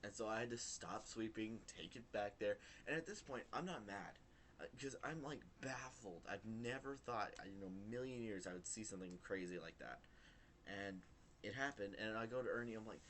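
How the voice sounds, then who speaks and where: A young man vlogging, retelling a work story in a rambling, animated way with lots of fillers. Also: fairly low pitch, moderate pace, slight background noise. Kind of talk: casual storytelling to camera.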